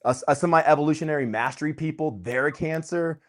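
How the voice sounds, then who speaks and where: A man's voice: a little high, quick pace. Guy, super hyped, says dude and bro a lot, casual chat. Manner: excitable, slangy, uses "dude" and "bro". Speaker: host. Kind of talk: casual conversation.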